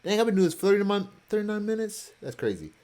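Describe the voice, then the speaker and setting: Man vlogger, casual photo commentary, meandering with jokey asides, expressive up-and-down pitch. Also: quick pace. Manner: meandering, self-joking asides. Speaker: vlogger going through his cruise photos.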